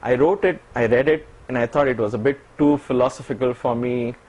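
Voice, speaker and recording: Guy with a husky voice telling a story in an interview, animated, laughs a lot. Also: medium pitch, a little fast, rough recording. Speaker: interview guest. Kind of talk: personal storytelling.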